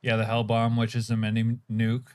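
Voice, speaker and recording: A man's voice: mid-range voice, completely flat delivery, moderate pace, darkish tone, clear, resonant tone. A man streaming a game, reading chat aloud and chuckling while he eats. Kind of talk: casual live-stream chat.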